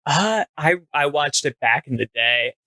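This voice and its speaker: A man co-hosting a comedy podcast, speaking casually with wry, deadpan quips and plenty of fillers. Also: fairly high pitch, a little slow, no echo. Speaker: podcast co-host.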